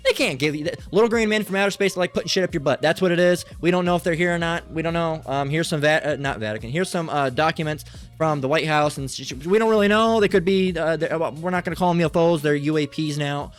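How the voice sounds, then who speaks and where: A man's voice: fairly high pitch, fast talker, faint music behind. A man giving an informal Bible teaching, rambling and swearing freely, often mocking people as he goes. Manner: rambling, profane and mocking, with frequent filler.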